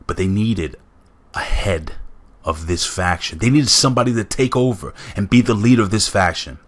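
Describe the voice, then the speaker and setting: A man's voice: on the low side, normal speed. A man hosting a casual countdown commentary, talking enthusiastically and straight to his viewers. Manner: enthusiastic, addresses viewers directly. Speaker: host.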